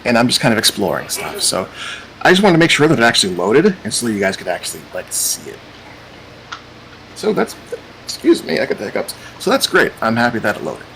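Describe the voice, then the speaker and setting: A man hosts a casual tabletop game as its game master. He talks in a loose, rambling way, and his pitch swings up and down a lot. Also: huge pitch swings, fast talker, fairly bright tone, slight background noise, rough recording. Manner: chatty, meandering, repeats "cool".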